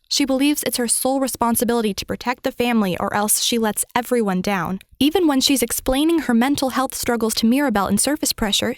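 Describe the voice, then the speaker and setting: Emphatic woman narrating with a higher voice. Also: no room sound, studio quality. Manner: conversational, emphatic asides. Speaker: guest contributor. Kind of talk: scripted narration.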